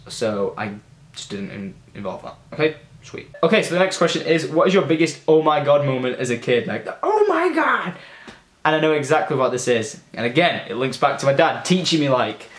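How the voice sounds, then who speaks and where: A young man, telling childhood stories in a chatty, loose way, swearing now and then. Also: medium pitch. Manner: chatty, loose, swears freely, many fillers. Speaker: gaming vlogger. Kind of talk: casual storytelling. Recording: echoey room.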